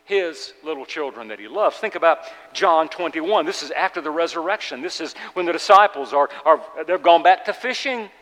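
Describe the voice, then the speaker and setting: A man preaching a sermon to his congregation, earnest and urgent, swinging between loud emphasis and hushed tenderness. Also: a little high, lively intonation, moderate pace, hardly any pauses, big-room sound, low-quality recording. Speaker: pastor. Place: church sanctuary.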